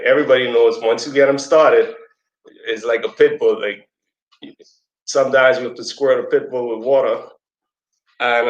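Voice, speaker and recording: Man, casual teaching talk, storytelling, conversational fillers and asides, medium pitch, roomy echo. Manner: acts out quoted voices in a high squeaky pitch. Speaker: speaker at a community presentation.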